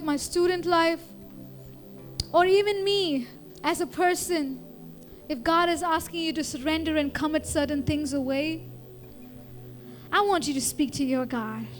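A woman pastor preaching a sermon in an earnest way, repeating phrases for emphasis and building up to a prayer. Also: very high voice.

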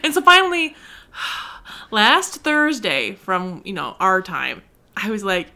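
A woman's voice: mid-range voice, very animated, takes it slowly, background noise. A young woman co-hosting a podcast, telling a story in casual chat, acting out other people's lines and laughing often. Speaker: podcast co-host.

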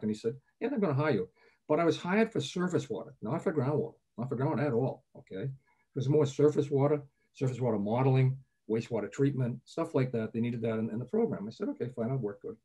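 An older man speaks quickly in a mellow, husky voice, and he tells chatty anecdotes as an interview guest. He keeps dropping little "okay?" checks into his talk. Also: mid-range voice. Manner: chatty, anecdotal, frequent "okay?" asides, chuckles often. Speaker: guest, groundwater professor. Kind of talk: relaxed storytelling interview.

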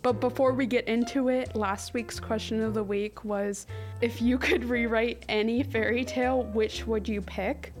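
A woman's voice: a little high, steady tone, normal speed, faint music behind. Chatty, giggly young woman podcast host. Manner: chatty, giggly, reads history notes with jokey asides. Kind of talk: casual history podcast chat.

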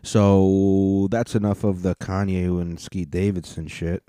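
A man with a lowish, mellow voice rants through a casual comedy podcast, cursing freely and rambling from one thought to the next. He is recorded close and dry. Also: level tone, unhurried, clean tone, no echo. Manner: profane, rambling, with frequent restarts. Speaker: podcast host.

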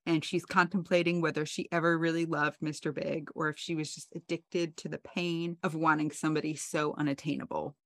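A woman co-hosting a podcast, casually recapping a TV episode with animated storytelling and playful quoted voices. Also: sits low, brisk, vocal fry, hardly any pauses, dry recording. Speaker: podcast co-host.

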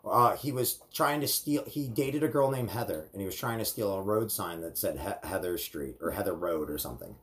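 A man's voice: on the low side, brisk, hardly any pauses, fairly bright tone, a little hiss or hum. A young man in casual podcast chat, telling rambling stories and acting out quotes, swearing now and then. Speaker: podcast host.

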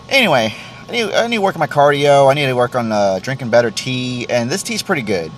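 A man's voice: medium pitch, animated, fast talker, a little hiss or hum. Rambling, swearing podcast man. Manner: rambling, self-deprecating, swears often, many restarts. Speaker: podcast host. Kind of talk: casual solo podcast rant.

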